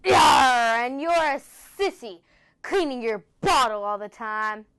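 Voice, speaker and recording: A woman's voice: on the high side, animated, unhurried, a bit bright, smooth. A woman in a comedy pirate skit, teasing the others in a sassy way.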